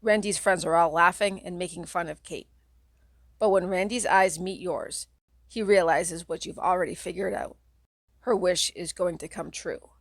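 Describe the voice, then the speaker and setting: A woman's voice: fairly low pitch, steady tone, moderate pace, dry recording. A woman reading a children's horror audiobook aloud, telling a second-person story in a dramatic way. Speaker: audiobook reader.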